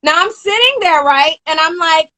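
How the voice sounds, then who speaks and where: A young woman in her twenties, an interview guest telling a story in a casual live-stream chat over a phone or video call, animated and quick to act out the people she describes. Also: extremely high pitch, low-quality recording.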